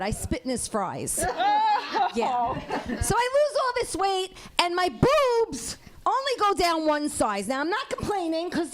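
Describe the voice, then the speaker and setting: Brash self-mocking New woman comic. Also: high voice. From Sicilian family. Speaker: stand-up comic. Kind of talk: stand-up comedy set.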